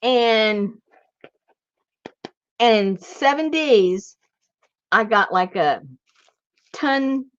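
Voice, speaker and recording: A woman's voice: fairly high pitch, animated, very slow, long pauses, no echo. A woman vlogger chatting casually and telling a story, often laughing as she talks. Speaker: craft vlogger. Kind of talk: casual chat while crafting. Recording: dull lo-fi sound.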